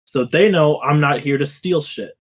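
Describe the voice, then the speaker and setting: A young man with a slightly high-pitched voice chats casually on a podcast. His stories ramble and swear freely, and they keep sliding toward a rant. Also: normal speed. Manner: profane, rambling storyteller who drifts into rants. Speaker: podcast co-host. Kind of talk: casual chat.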